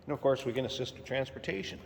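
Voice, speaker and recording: A man giving a relaxed, plainspoken walkaround sales pitch for a classic car in a large indoor showroom. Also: fast talker, gravelly, long reverb tail, slight background noise. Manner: relaxed, plainspoken, repeats key points.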